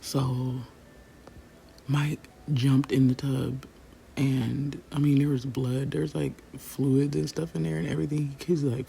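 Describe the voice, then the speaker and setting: A young woman vlogger who tells a personal story in a casual, animated way, swearing freely and talking straight to her viewers. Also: extremely low pitch, slow, gravelly, a little hiss or hum. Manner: animated, swears freely, acts out quotes, talks to viewers directly.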